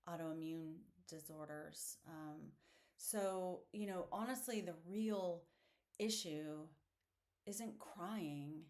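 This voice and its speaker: Speaking alone on her podcast, a woman reflects in an earnest, candid manner, taking her time and filling her thoughts with many fillers. Her voice sits low and sounds a little mellow.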